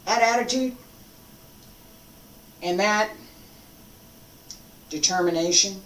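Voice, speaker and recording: Slow, emphatic martial arts teacher in a roomy space. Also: medium pitch, fairly bright tone, far from the mic. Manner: emphatic and determined, repeats phrases for force. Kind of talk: unscripted teaching talk.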